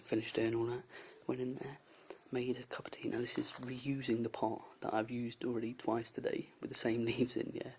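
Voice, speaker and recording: A young man with a gravelly, creaky voice vents in a casual vlog, exasperated and often dropping his voice to a hushed whisper. He is indoors, with faint room noise behind him. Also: medium pitch, rough recording. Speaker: volunteer traveller reviewing a host. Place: indoors at a host's house.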